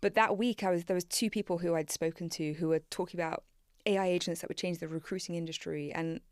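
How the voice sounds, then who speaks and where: A woman's voice: on the low side, quick pace, no echo. A woman talking casually and animatedly, often correcting herself mid-sentence, recorded in a studio. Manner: rambling, self-correcting, animated. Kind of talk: casual conversation. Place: small studio. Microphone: studio microphone.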